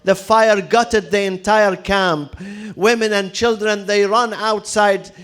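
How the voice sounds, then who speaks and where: A male preacher telling a story in a mourning sermon, dramatic and building to loud lamenting cries, with recited Arabic mixed into his English. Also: high-pitched, steady tone, slow.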